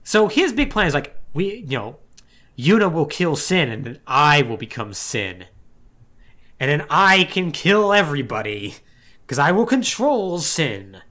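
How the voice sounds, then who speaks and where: A man's voice: a little high, very animated, unhurried, sharp tone. Wry young man recapping a game plot. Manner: loose and wry, peppered with "like", mimics characters. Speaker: podcast co-host. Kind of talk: casual podcast recap of a game story.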